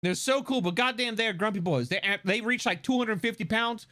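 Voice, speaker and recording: A man's voice: high-pitched, a little fast. A man streaming live, chatting casually and animatedly with lots of swearing and laughter. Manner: animated, profane, laughing often.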